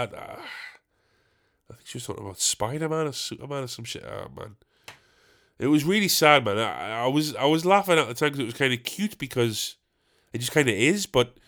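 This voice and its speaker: A young comedian talking alone into the mic, rambling from one thought to the next. He is candid and sweary, in a casual, chatty way. His voice sits at a middle pitch. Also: fairly bright tone. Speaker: podcast host and stand-up comedian. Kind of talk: rambling solo podcast chat.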